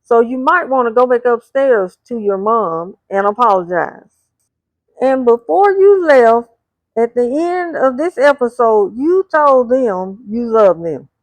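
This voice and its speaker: A woman's voice: fairly high pitch, animated, unhurried, no echo. A woman recapping a reality TV episode scene by scene, reading out what the cast said and adding blunt asides. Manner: retells scenes, reading out the cast's lines.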